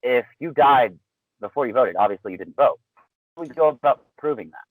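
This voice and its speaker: A man talking as a podcast guest, explaining his points in a measured way with some dry wit. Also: medium pitch, expressive, no room sound, phone-quality sound. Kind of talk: casual podcast chat.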